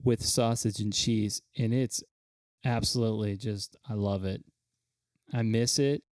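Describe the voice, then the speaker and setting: A podcast co-host from Kansas reads out fun facts enthusiastically in a casual chat, stumbling over words now and then. His voice is fairly low and a little mellow, with a steady tone and measured pace, in a dry, clean studio recording.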